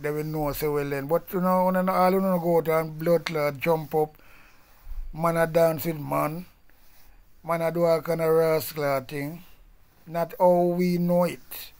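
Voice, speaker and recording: A man with a Jamaican accent delivering a blunt, profane ranting monologue in patois. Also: a little high. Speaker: vlogger.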